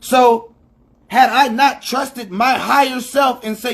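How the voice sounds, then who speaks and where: A man's voice: very high voice, steady tone, takes it slowly, vocal fry. A man hosting a livestream, talking in a profane, emphatic, preachy monologue into his phone. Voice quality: heavy swearing, emphatic and preachy. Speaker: livestream host.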